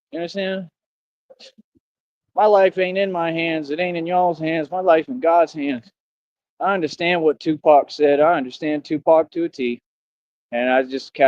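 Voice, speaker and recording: A defiant man rants on a livestream. He preaches and scolds, swinging from shouts to low brooding. The audio is dry and dull, with a lo-fi stream sound. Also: no room sound. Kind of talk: impassioned streamed rant.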